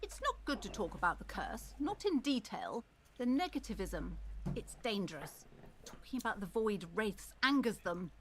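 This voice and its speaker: A woman's voice: medium pitch, sing-song, moderate pace, noisy background. An actress voicing an eccentric, superstitious woman who runs a shop in a video game, earnest and a little dotty. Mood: ominous.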